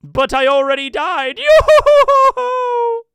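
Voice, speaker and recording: A man's voice: a little high, lively intonation, moderate pace, sharp tone, smooth, no echo, studio quality. A man streaming live, rambling through casual commentary, swearing and laughing as he goes.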